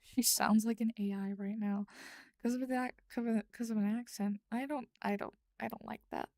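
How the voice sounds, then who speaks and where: A woman chats casually with her late-night stream audience while she writes, wandering between thoughts, voicing them as she types, and replying to chat. Her voice is fairly high, steady, and darkish, at normal speed, captured in clean studio sound with no room noise.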